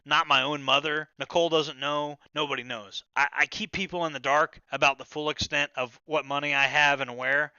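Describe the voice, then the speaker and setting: Bright, crisp-voiced man rambling on a stream. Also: fairly high pitch, steady tone, normal speed, hardly any pauses, dry recording, lo-fi sound. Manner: loose and profane, full of stammered restarts. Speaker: livestream host. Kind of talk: casual rambling livestream chat.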